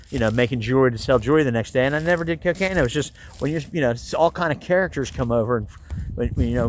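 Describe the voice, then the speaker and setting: Rambling man, slightly high voice. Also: a bit bright, slight background noise, poor audio. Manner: rambling, jumps between topics, constant filler swearing; restless, restarts sentences often. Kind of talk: rambling monologue.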